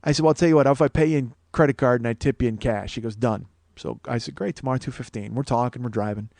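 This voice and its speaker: A man's voice: mid-range voice, quick pace, gravelly, darkish tone, no room sound. Man in his forties, comic storyteller, swears freely, voices his characters, mid-range voice, dry close sound. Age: 40s. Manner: profane, acts out quoted dialogue. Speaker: comedian and podcast host. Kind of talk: casual storytelling monologue.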